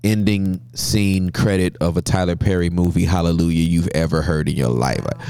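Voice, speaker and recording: A man in his forties from Southern California, a pastor telling stories as a guest in an interview, with a humorous, lively manner. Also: sits low, moderate pace, creaky, smooth. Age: 40s. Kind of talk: interview storytelling.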